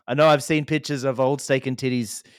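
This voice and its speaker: Man, podcast co-host, chatty storyteller, smooth clear tone, dry room. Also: mid-range voice, steady tone, brisk, dry recording. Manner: laughing, rambling storyteller. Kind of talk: casual podcast banter.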